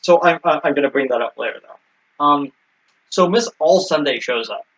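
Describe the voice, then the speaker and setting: A podcast co-host with a slightly high, a bit bright voice talks at normal speed in a casual recap chat, explaining things with many ums and restarts. The recording sounds dull and lo-fi.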